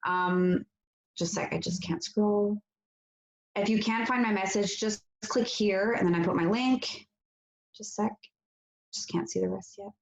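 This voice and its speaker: A French-speaking woman guests on a live-stream interview, chatting casually and upbeat with many fillers. Her mid-range voice moves at a measured pace with vocal fry and long pauses. The audio is roomy, dull and lo-fi.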